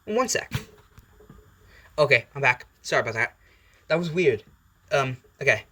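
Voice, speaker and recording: A man's voice: medium pitch, lively intonation, measured pace, sharp tone. A man narrating an improvised fan story in a casual, rambling way, breaking off into asides and swearing.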